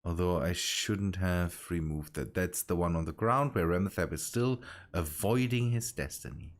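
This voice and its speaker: A man streaming a building game, chatting casually with teammates and often restarting his sentences as he plays. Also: deep voice. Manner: halting, restarts phrases while busy. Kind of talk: casual gaming chat.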